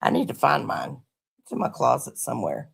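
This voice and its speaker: A woman's voice: rumbling low, animated, a little fast, creaky, husky. A middle-aged woman telling stories to her livestream viewers in a laid-back, profane, casual way. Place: her home.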